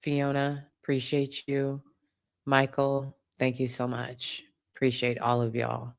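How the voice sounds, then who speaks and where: A chatty woman hosting a livestream, thanking viewers one after another. Her delivery is relaxed and conversational, with a casual swear now and then. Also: rumbling low, slow, vocal fry. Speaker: livestream host. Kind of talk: casual livestream chat, reading viewer donations.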